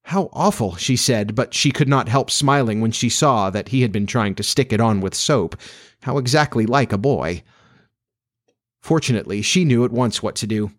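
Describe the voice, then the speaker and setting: A man narrating a children's classic as an audiobook in a measured, expressive storytelling manner. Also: lowish voice.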